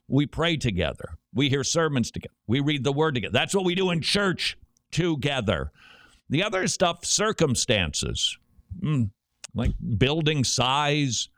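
Male radio talk host, very lively pitch, dry close sound, joking storyteller. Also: dry recording. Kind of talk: conversational radio commentary.

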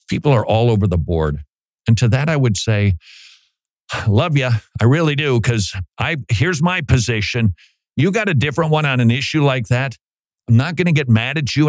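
A man's voice: on the low side, darkish tone, no echo. A middle-aged man hosting a Christian talk show, speaking conversationally and animatedly, sometimes mimicking other voices for emphasis. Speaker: Christian radio host. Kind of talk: opinion talk monologue.

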